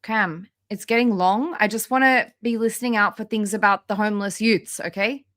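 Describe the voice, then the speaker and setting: A woman's voice: medium pitch, steady tone, normal speed, fairly bright tone. A woman chatting bluntly and casually to her live-stream audience, swearing offhandedly. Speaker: streamer addressing her chat.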